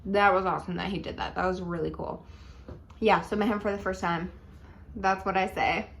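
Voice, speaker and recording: A woman's voice: medium pitch, moderate pace, vocal fry, a little hiss or hum. Chatty young woman telling a dating story. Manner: chatty, animated, full of likes and ums. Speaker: vlogger. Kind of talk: casual storytelling.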